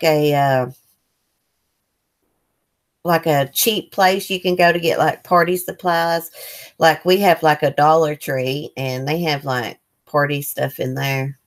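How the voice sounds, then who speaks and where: Low-voiced chatty woman. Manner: chatty, reads viewer comments aloud; loose, rambling with fillers. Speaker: livestream host. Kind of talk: casual live chat.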